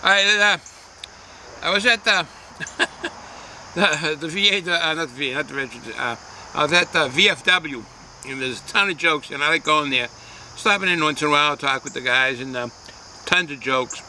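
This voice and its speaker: A man's voice: on the high side, normal speed, pauses often, pushed and bright, a little hiss or hum, rough recording. A man giving a casual, folksy beer review outdoors, rambling with lots of hesitations.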